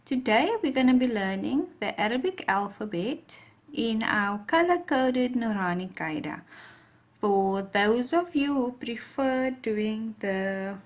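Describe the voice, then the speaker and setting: A woman teaching a lesson with patient explanations and careful pronunciation. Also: medium pitch. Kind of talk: slow, patient alphabet lesson.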